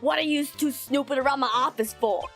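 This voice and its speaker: A woman's voice: sits high, brisk, a bit bright, faint music behind. A woman voicing a hot-tempered male mob boss with a put-on tough-guy accent, threatening and blustery. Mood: furious.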